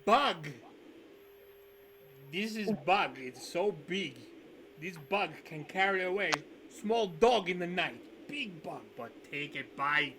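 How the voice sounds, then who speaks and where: A man's voice: fairly high pitch, animated, slow, pushed and bright, a little hiss or hum, full character voice. A man voicing a jovial big fat innkeeper who speaks broken English in a shifting foreign accent, boastful and coaxing.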